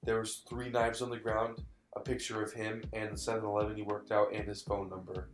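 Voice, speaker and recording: A man's voice: lowish voice, monotone, a little fast. Rambling young man in an echoey room. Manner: rambling, restarts and apologizes, says dude and bro. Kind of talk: casual chat, telling a creepy story. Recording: echoey room, faint guitar music.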